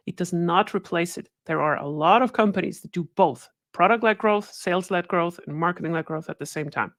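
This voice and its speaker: A woman's voice: fairly low pitch, dry recording, studio quality. A woman giving a conversational webinar talk as guest speaker, often checking in with her listeners by asking "right?". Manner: conversational, keeps adding "right?" tag questions. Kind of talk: webinar presentation.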